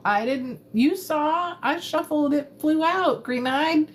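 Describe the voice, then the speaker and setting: Giggly woman chatting slowly on a live stream. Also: sits high, slight background noise. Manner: playful, giggly, rambling. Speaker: tarot reader. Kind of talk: casual live-stream chat. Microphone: phone.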